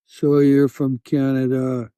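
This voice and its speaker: A man's voice: mid-range voice, monotone, dark tone, smooth, no echo, studio quality, close to an everyday voice. A man putting on the voice of a big Russian soldier interrogating him in clipped, broken English. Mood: gruff. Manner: clipped, halting English, blunt.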